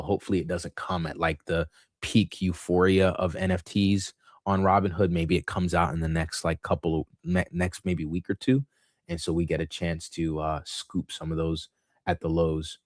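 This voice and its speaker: A man with a very low, deep voice talks through a market livestream in a loose, rambling way, full of fillers and restarts. The sound is dry and close, with hardly any room around it. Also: level tone, normal speed, no room sound. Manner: rambling, thinks aloud with many fillers and restarts. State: has the hiccups. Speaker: livestream host. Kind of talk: casual market commentary livestream.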